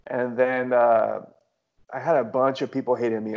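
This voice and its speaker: A man's voice: mid-range voice, level tone, normal speed, vocal fry, a little mellow, a little hiss or hum. A man co-hosting a casual podcast chat, telling stories in a wry, amused way. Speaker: podcast co-host. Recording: slightly dull sound.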